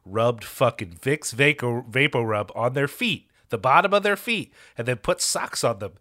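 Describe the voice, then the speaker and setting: A man's voice: medium pitch, lively intonation, moderate pace, bright, forceful tone. A man co-hosting a podcast, talking in an exasperated, emphatic way and swearing freely. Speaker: podcast co-host. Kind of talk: casual chat.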